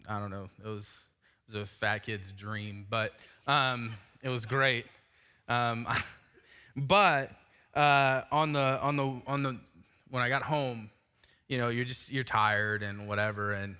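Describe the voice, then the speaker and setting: A man's voice: lowish voice, bright, forceful tone, clean tone. A man in his thirties, a pastor, giving a sermon in a church, telling a self-mocking personal story in a casual way. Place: church sanctuary.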